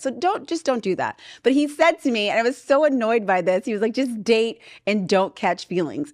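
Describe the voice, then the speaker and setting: Lively sassy lady podcast host, highish voice, dry studio sound. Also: no echo. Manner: animated, sassy storytelling. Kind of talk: casual chat.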